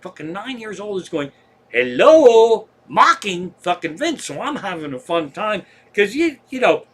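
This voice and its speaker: A comedian with a fairly high-pitched, slightly bright voice livestreams from home, telling rambling, profane travel stories in a casual stand-up style.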